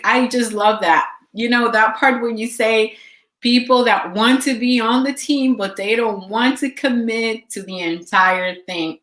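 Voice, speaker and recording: A woman's voice: mid-range voice, fairly bright tone. A woman co-hosting a motivational talk, speaking in an upbeat, encouraging way. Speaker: co-host. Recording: echoey room.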